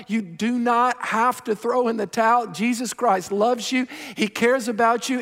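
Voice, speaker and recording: High-voiced man preaching in echoey hall. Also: creaky. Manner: earnest, repetitive preaching with restarts. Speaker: pastor. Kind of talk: sermon. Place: church auditorium. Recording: long hall reverb.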